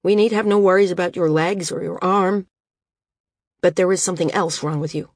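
A woman voicing an older male healer in an audiobook, speaking quietly and gravely. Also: fairly low pitch, steady tone, dry recording, clean studio sound. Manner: quiet and measured. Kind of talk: audiobook character voice.

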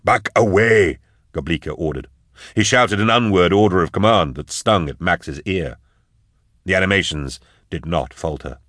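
A man reading an action story aloud in steady, measured audiobook narration. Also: deep voice, dry recording, clean studio sound.

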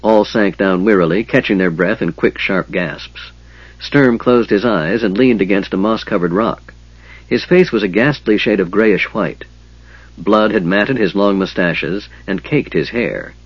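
A man narrating a fantasy audiobook with expressive storytelling. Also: fairly low pitch, unhurried, husky, dry recording, dull audio.

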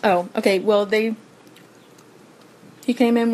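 A woman co-hosting a casual podcast, rambling and halting as she talks about a TV show, laughing often. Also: medium pitch, fairly even intonation, darkish tone, slight background noise, low-quality recording. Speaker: podcast co-host. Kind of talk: casual chat recap of a TV show.

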